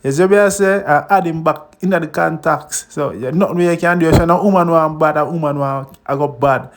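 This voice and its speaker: A man's voice: fairly high pitch, brisk. A man with a Jamaican accent hosting a reaction vlog, chatting in patois and laughing often. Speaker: host.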